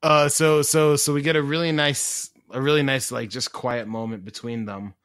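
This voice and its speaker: A man's voice: mid-range voice, steady tone, normal speed, fairly bright tone, dry recording, studio quality. A man co-hosting a podcast, chatting casually and retelling scenes with lots of laughs. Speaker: podcast co-host. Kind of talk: casual chat.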